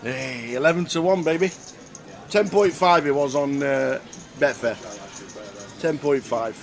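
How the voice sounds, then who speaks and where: A man commentating a poker stream, chatting casually and telling stories with lively voices. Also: on the high side, a little slow, vocal fry, soft background music. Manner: chatty storyteller, bursts into loud cheering. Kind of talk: casual chat.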